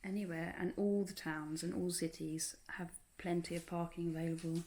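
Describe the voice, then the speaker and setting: A woman's voice: on the low side, flat delivery, moderate pace, a crowd in the background. Chatty woman co-hosting a home vlog. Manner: chatty, laughs often, many fillers and restarts. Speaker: vlog co-host. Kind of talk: casual chat. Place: home in rural France.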